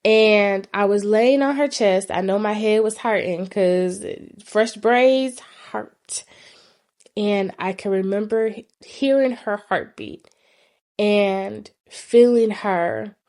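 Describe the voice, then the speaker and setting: A woman vlogger earnestly telling a personal story in a reflective, sometimes soft-spoken way. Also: mid-range voice, slow pace.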